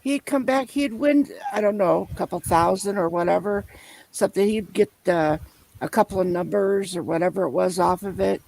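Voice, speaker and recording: A man telling a long personal story in casual chat, rambling and halting as he loops back over his points. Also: high voice, gravelly, a little mellow, rough recording. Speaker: storyteller in a conversation.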